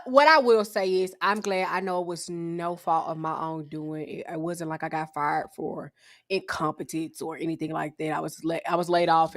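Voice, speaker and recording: A woman's voice: on the low side, a bit bright. A woman co-hosting a casual podcast, joking wryly as she tells her stories. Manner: wry, joking, drawn-out storytelling. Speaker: podcast co-host.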